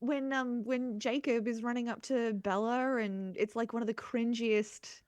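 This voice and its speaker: A woman's voice: on the high side, steady tone, measured pace, darkish tone, dry recording. A woman co-hosting a casual chat podcast, playful and laughing often, with whispered asides to listeners. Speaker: podcast co-host.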